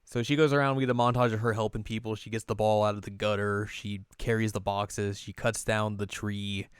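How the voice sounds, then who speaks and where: A man co-hosting a casual anime episode recap, retelling scenes and popping into high squeaky character voices. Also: level tone, brisk, clear, resonant tone, dry recording, studio quality.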